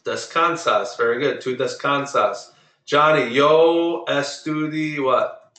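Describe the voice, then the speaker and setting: A man's voice: mid-range voice, slow, sharp tone, roomy sound, poor audio. A man teaching a Spanish class online, drilling verb forms and correcting pronunciation patiently. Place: online video meeting.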